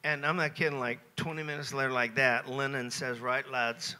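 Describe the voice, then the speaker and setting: An American man in his seventies, a guest at a Q&A on a cruise ship, telling anecdotes in a lively, self-mocking way and chuckling between phrases. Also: medium pitch, brisk. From United States. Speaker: interview guest. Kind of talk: anecdotal Q&A storytelling.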